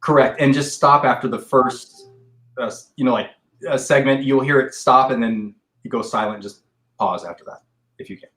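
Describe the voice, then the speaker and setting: Casting: mid-pitched male investigator, rambling talker, roomy echo on the voice. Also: normal speed, a bit bright. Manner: rambling, explains with restarts. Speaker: paranormal investigator guest. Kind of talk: casual podcast discussion.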